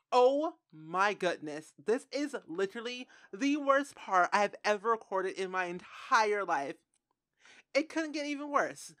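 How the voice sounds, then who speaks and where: A young adult woman commentating her gameplay, dramatic and quick to cry out in dismay. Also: mid-range voice, fairly bright tone. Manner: dramatic, shrieks and cries out in dismay. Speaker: game streamer.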